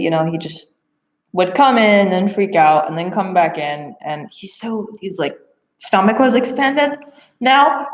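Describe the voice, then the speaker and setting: A young woman telling a personal story casually, animated, with frequent laughs and fillers. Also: fairly low pitch. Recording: echoey room, dull lo-fi sound.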